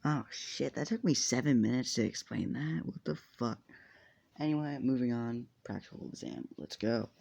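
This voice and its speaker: A man's voice: medium pitch, lively intonation, normal speed, gravelly, darkish tone. A man casually retelling a fan story, rambling, laughing and swearing as he goes.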